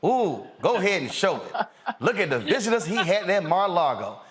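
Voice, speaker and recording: Animated, mocking man hosting commentary. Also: sits high, a little fast. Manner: mocking, animated, slangy, with rising outbursts. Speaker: host. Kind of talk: lively commentary.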